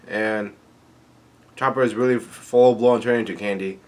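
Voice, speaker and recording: An unhurried man with a medium-pitched, slightly bright voice pauses often while recapping a manga chapter. He reads lines aloud and rambles, full of fillers and restarts.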